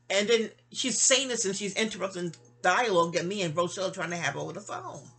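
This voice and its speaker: A New York City vlogger, this woman tells a long personal story in a casual monologue, sounding sleepy yet chatty. Her medium-pitched voice is fast, a bit bright and slightly rough, with lively intonation. She rambles, often restarting and tossing in asides.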